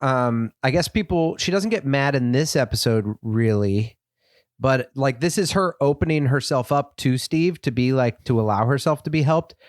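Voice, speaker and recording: A podcast co-host with a mid-range voice and lively intonation talks at normal speed, recorded in studio quality with no room sound. He chats casually and eagerly with his guest.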